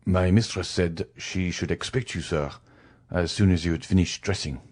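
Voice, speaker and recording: A man voicing a deferential valet who speaks politely and quietly. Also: low-pitched, normal speed. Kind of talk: audiobook character reading.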